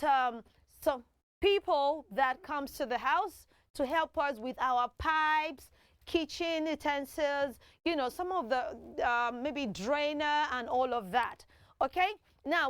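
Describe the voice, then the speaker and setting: A woman hosting a children's TV show, teaching in an animated way and having kids repeat words after her. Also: high voice, no room sound, studio quality. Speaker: children's TV host.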